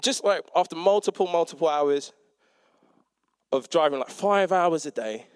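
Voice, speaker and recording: A man's voice: fairly high pitch, normal speed, clean tone, dry recording, studio quality. A young man giving a conversational sermon, telling a story with self-mocking humour and acting out the people in it. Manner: animated, self-mocking, acts out quotes. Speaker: preacher and teacher.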